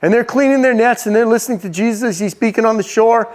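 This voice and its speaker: A man's voice: very high voice, quick pace, darkish tone. A man preaching a sermon as a story, talking conversationally and asking the audience questions.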